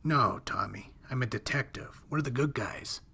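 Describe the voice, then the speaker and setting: A man's voice: mid-range voice, moderate pace, vocal fry, bright, forceful tone, husky, heavily acted. A man voicing a shaken male police detective who speaks tensely and pleads.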